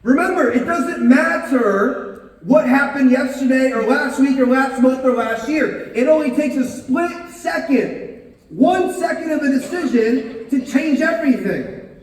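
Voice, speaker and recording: A man giving an energetic, punchy motivational talk to a live audience and drawing answers from the crowd. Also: very high-pitched, a little slow. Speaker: motivational speaker. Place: large hall with a live audience. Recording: echoey hall, voice far from the mic.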